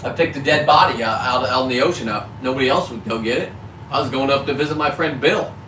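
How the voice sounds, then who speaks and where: A fisherman vlogger from California delivers a heated, profane rant to camera, catching himself on his cussing. His voice is medium-pitched and quick, picked up by a distant mic in an echoey space with faint background noise.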